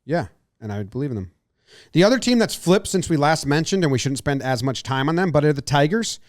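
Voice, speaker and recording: A man co-hosting a casual sports podcast, quick and joking. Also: a little high, very animated, no room sound, studio quality. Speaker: podcast co-host.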